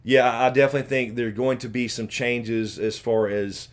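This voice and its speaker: A man's voice: mid-range voice, moderate pace. Southern man hosting a loose live stream. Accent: American Southern. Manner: swings between muttering and loud animated outbursts, swears freely; reads viewer questions aloud and answers them. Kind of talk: casual live stream chat.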